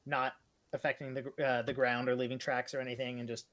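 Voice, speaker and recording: A man's voice: mid-range voice, level tone, fast talker, a crowd in the background. A man playing a character in a tabletop game, loose and joking, acting out his character's lines. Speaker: player. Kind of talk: casual tabletop role-play.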